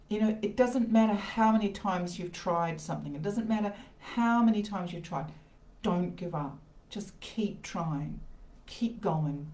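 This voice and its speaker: A woman's voice: fairly low pitch, darkish tone. A woman hosting an informal motivational talk from her conservatory, rambling with restarts and asides. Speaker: host of a live self-help talk. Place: home conservatory. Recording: roomy echo of a conservatory.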